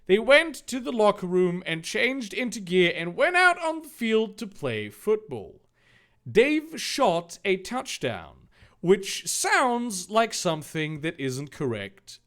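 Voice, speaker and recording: A man's voice: high voice, sing-song, takes it slowly, fairly bright tone. A young man reading fan fiction aloud for comedy, with sarcastic asides and swearing.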